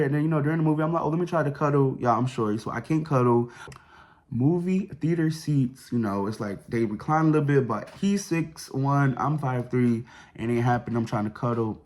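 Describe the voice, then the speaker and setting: A young man telling a personal story to his viewers in a chatty, slangy way, dropping fillers like "boom" and "whatever". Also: a little mellow. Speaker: vlogger. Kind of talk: casual storytime.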